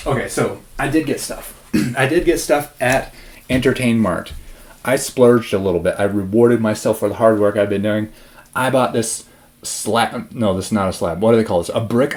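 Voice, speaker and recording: A man's voice: fairly low pitch, a little mellow. Rambling, breathless young man vlogging. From Spokane area, US Pacific Northwest. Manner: rambling, self-interrupting, chatty. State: slightly out of breath. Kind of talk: casual rambling vlog.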